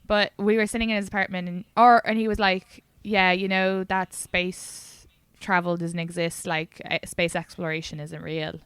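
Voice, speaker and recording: A young woman hosts a casual podcast chat with a bright, forceful edge to her voice. Her tone is smooth and resonant. She tells stories with energy and acts out what other people said. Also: on the low side, normal speed, no room sound. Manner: animated storytelling, quoting others. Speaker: podcast host.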